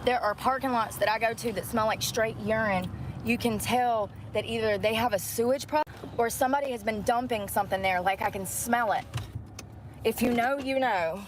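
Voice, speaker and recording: A woman's voice: fairly high pitch, normal speed. A woman vlogging from inside her car, chatting candidly to viewers, rambling and swearing freely. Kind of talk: casual chat to viewers. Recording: car interior with vehicle noise.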